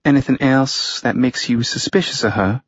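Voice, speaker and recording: A male narrator voicing a brisk woman operative handler with a Southern accent, clipped, precise and matter-of-fact. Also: medium pitch, slightly rough, dry recording, dull audio, voice pushed up, lightly acted. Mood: crisp.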